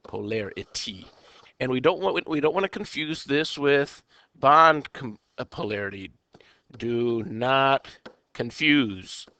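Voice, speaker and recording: A man walks through a chemistry lecture at an unhurried pace, thinking aloud and tossing in playful exclamations. His voice is bright and crisp. The recording is dry and close, with no room sound. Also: mid-range voice, no room sound, muffled recording. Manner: playful, talks to himself, quirky exclamations. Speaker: chemistry teacher.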